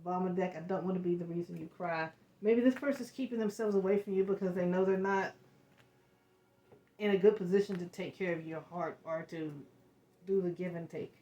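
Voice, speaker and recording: A woman giving an emotional tarot reading, talking in halting, searching bursts with repeated words. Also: fairly low pitch, steady tone, dark tone, lo-fi sound. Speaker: tarot reader. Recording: echoey room.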